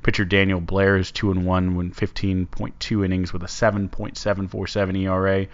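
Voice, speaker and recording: Low-voiced man hosting sports talk. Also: flat delivery. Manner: rambling, halting delivery. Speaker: sports podcast host. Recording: dull lo-fi sound.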